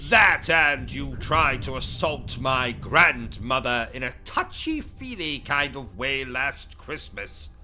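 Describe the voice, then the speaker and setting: A British man hosts a gaming livestream as comedic commentary, ranting and trading insults in a pompous, over-the-top comic persona. His medium-pitched voice is very animated yet slow, with few pauses and a pushed, bright tone, while faint music plays behind him.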